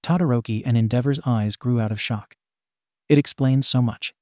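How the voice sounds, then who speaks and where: Man, fan fiction narrator, steady storytelling, mellow voice, dry close sound. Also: medium pitch, moderate pace, no echo.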